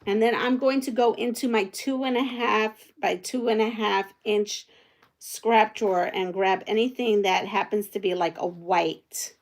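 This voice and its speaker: A woman hosts a relaxed live sewing stream from home, talking with a gravelly edge in her voice. She chats with viewers' comments and thinks aloud as she works, in an everyday, mid-range voice. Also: mid-range voice, a little slow. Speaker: quilting livestream host. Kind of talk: casual live chat while sewing.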